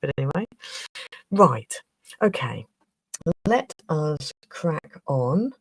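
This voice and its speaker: Flustered chatty woman, gravelly edge. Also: sits low, very animated, takes it slowly, no echo, rough recording. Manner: chatty, flustered, trailing off and restarting. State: slightly rough throat. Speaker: craft livestream host. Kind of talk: casual livestream chat.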